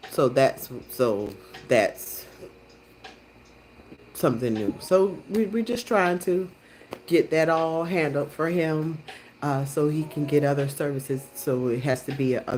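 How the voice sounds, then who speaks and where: A woman's voice: deep voice, slight background noise, low-quality recording. Chatty middle-aged woman on a live stream. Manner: rambling, animated retelling with many restarts and fillers. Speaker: livestream host. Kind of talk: casual storytelling on a live stream.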